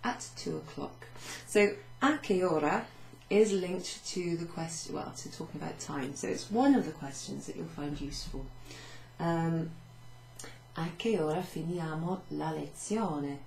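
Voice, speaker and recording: A woman's voice: low voice, measured pace, gravelly, darkish tone, roomy sound, a little hiss or hum, rough recording. A woman language teacher talking through a recorded class summary, chatty and self-mocking, walking through Italian phrases at a whiteboard. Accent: Welsh. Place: home room with a whiteboard. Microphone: camera across the room.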